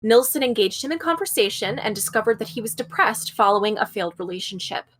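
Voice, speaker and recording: A woman's voice: fairly high pitch, animated, fast talker, fairly bright tone, breathy edge. A woman co-hosting a podcast, reading a true-crime case from her notes in a casual way, tripping over place names and adding blunt comments. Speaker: podcast co-host.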